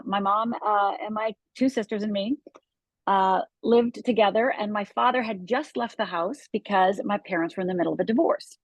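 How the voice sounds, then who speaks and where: A middle-aged woman from Upper Michigan, a life coach sharing her own story as a podcast guest. She tells it in an earnest, vivid way and leans on emphatic repetitions, at a medium pitch. The sound is close and dry, with no room around her. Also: no echo. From Upper Michigan, USA. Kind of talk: personal storytelling in a podcast interview.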